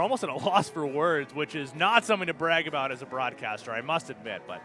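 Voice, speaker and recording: Bright-voiced Canadian lacrosse play-by-play man. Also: on the high side, faint music behind. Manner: brisk, rises sharply on goals and saves. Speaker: play-by-play commentator. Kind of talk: live lacrosse play-by-play commentary.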